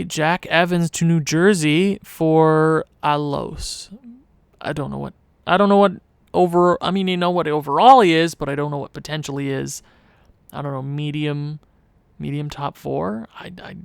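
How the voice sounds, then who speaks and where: A man thinking aloud in casual gameplay commentary, rambling and hesitant, often restarting, then breaking into sudden excited outbursts. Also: a little high, gravelly, smooth, dry recording. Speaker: gaming channel host.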